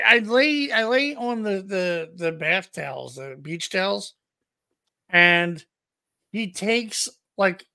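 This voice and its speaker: Casting: man, high gravelly voice, rambling profane storyteller, dry booth sound. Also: sharp tone, dry recording. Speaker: podcast co-host. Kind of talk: crude casual storytelling.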